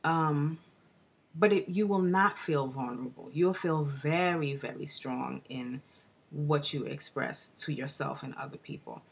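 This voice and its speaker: A woman talking excitedly in a casual astrology vlog, rambling with restarts and dropping into breathy whispered asides. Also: deep voice, measured pace. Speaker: astrology vlogger.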